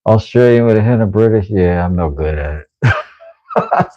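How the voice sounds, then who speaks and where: A man's voice: lowish voice, expressive, a little slow, no room sound, highs cut off. A man vlogging from his shop in casual chat, joking and answering viewers by name.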